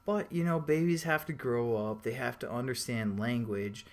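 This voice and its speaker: A man's voice: mid-range voice, moderate pace. A young man giving a casual programming tutorial, chatty and rambling, with slangy everyday analogies. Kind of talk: casual screen-recorded coding tutorial.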